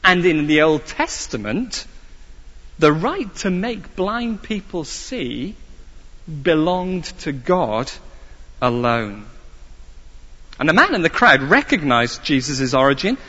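A man preaching a sermon slowly and emphatically, asking his listeners rhetorical questions. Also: a little high, big pitch swings, bright, forceful tone. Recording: dull sound with long hall reverb.

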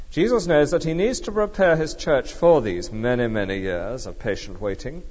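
A man delivers an emphatic, measured sermon, walking his congregation through a passage verse by verse. His pitch rises and falls in a lively way. The sound is dull and lo-fi, with a long reverb trailing off in a church. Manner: emphatic, measured expository preaching. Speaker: preacher.

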